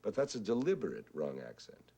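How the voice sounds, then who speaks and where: An older man with a husky, whiskey-worn voice, reminiscing about his mentor in a thoughtful, unhurried way with hesitant fillers. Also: on the low side, wildly swooping pitch, warm tone. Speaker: composer and conductor recalling a mentor. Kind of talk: reflective spoken reminiscence. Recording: 1970s television broadcast archive.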